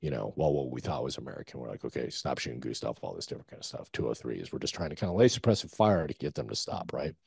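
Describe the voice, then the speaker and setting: A man's voice: rumbling low, animated, fast talker, creaky, few pauses, a little mellow, husky, dry recording, clean studio sound. A man, a former soldier, telling a war story casually in an interview, loose and profane with lots of fillers. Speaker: guest, former Army Ranger.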